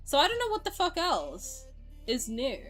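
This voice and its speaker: A woman streamer casually chatting with her viewers and reacting to their comments. She is excitable, swears freely and laughs often. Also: high voice, moderate pace, faint music behind.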